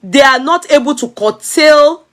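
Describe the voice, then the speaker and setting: A woman's voice: high voice, measured pace, a bit bright. Nigerian woman mixing in Yoruba, questioning. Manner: questioning, laughs often. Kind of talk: commentary chat.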